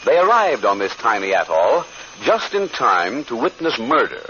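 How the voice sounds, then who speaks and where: Man narrating old radio adventure, lively swooping voice, dull faint hiss. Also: medium pitch, moderate pace. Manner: dramatic, swooping delivery. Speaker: narrator and announcer.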